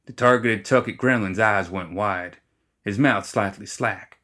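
A man narrates a fantasy tale in a low voice with a wry, even delivery. He reads smoothly, letting the comic lines land without fuss. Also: measured pace. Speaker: audiobook reader. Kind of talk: scripted fiction narration.

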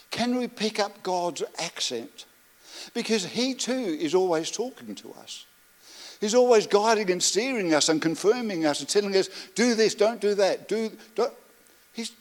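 Pastor, middle-aged man, fairly high-pitched voice; warm storytelling sermon with rhythmic lists and quiet reflective asides.

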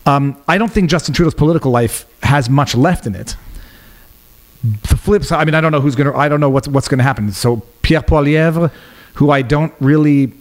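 Animated, slightly higher-voiced man. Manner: rapid, animated, many restarts and trailing phrases. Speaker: podcast guest. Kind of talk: casual political chat.

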